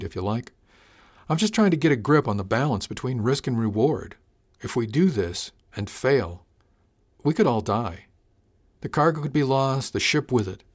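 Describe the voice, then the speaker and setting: A man's voice: medium pitch, lightly acted. A man voicing a blunt but caring female ship's chief engineer, speaking frankly and practically in an audiobook. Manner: frank, practical, gently worried. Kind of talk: audiobook character voice.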